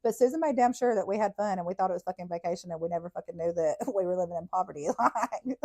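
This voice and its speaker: A woman's voice: fairly low pitch, fast talker. Laughing, foul-mouthed woman storyteller. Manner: profane, laughing, animated storytelling. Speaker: podcast host. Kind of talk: casual storytelling.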